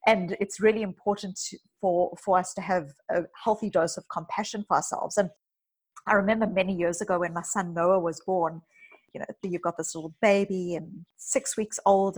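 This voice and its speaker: A woman's voice: on the low side, slightly rough, rough recording. A woman psychologist talking earnestly on a podcast, telling personal stories with emphatic lists. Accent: South African. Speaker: psychologist guest. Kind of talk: podcast conversation.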